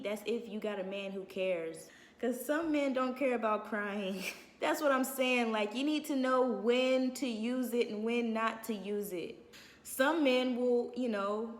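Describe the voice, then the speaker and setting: Sassy lady vlogging advice, blunt, kinda high voice, echoey room. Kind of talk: casual advice talk. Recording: echoey room with long reverb.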